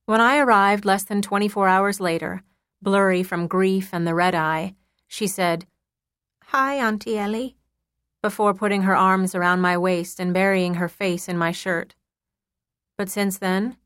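A woman's voice: mid-range voice, fairly bright tone, dry recording. Woman narrating an audiobook, dry close sound. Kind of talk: first-person audiobook narration.

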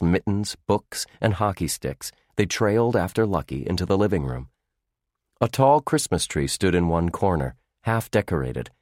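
A man narrating a children's storybook with an expressive, lively reading. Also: deep voice, no room sound, studio quality.

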